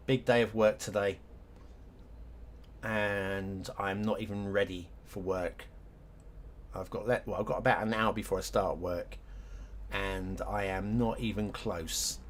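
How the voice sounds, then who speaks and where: A middle-aged Englishman talks on a live stream in a low voice. He takes his time, drifting between thoughts in a rambling, self-mocking way. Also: a little hiss or hum. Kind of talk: casual live-stream chat.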